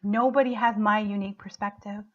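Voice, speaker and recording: A woman's voice: mid-range voice, steady tone, brisk. A woman coach giving an emotional, affirming motivational talk, getting choked up as she speaks. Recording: muffled lo-fi recording.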